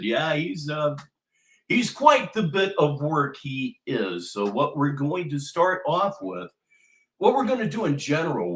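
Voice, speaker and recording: A man hosting a commentary livestream, speaking in a wry, mocking and deliberate way. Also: a little high, fairly bright tone, echoey room. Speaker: livestream host.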